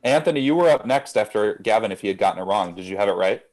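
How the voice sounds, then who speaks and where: A man hosting a casual online trivia game over a video call, upbeat and quick, laughing easily and reading questions out slowly and deliberately. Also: on the low side, animated, a little mellow.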